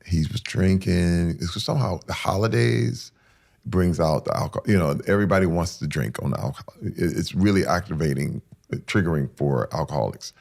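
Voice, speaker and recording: Gravelly deep-voiced man telling a raw story. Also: lively intonation, a little fast. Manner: intense, dropping to hushed whispers and rising in sudden loud bursts. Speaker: interview guest. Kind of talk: emotional personal storytelling.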